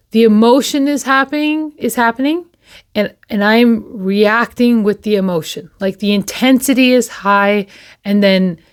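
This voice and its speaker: Brief: woman host, personal recovery talk, candid, unhurried, restarts her phrases often. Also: mid-range voice, smooth. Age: adult with children. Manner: candid and slow, pausing often and repeating herself. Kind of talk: reflective personal talk to camera.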